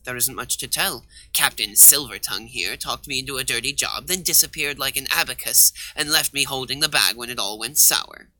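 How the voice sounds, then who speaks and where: A man's voice: mid-range voice, brisk, few pauses, bright, forceful tone, rough recording. A man voicing an angry young rogue who accuses and threatens the one who betrayed him.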